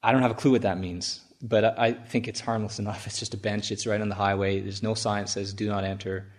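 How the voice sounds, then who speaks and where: A man with a low voice, a Buddhist monk, tells a story to his listeners. He chuckles throughout and often stops and restarts his sentences. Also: fairly even intonation. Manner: chuckling, halting with many restarts. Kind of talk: storytelling talk.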